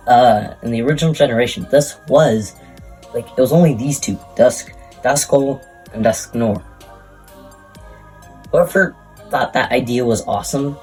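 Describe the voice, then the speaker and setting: A man's voice: medium pitch, low-quality recording. A man giving rambling, crude casual commentary, out of breath, with jokingly insulting asides. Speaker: YouTuber ranking Pokémon.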